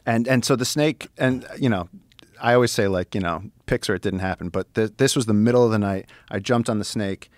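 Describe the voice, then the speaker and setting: A man in casual conversation, telling an animated, profane adventure story with excitement. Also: lowish voice, a little fast, no room sound. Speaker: guest, wildlife explorer.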